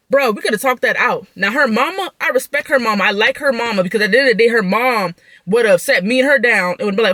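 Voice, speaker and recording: A young woman venting through a story, talking in a profane, animated way. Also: a little high, fast talker, no echo. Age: young adult. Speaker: vlogger.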